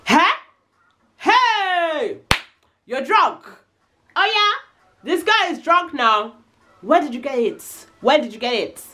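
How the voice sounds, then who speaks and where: A woman voicing her stern older grandmother, who scolds in a shrill, loud, disbelieving voice. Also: very animated, slow, long pauses, heavily acted. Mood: outraged.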